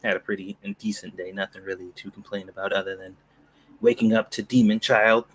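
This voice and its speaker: A man's voice: fairly low pitch, fairly even intonation, a little fast, breathy edge. A man co-hosting a casual podcast chat, amused and telling stories with restarts. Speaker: co-host.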